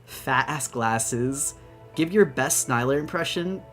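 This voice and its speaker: A young woman chatting excitedly on her debut live stream, bubbly and gushing, rambling with lots of restarts. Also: extremely low pitch, slow, soft background music. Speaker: VTuber streamer.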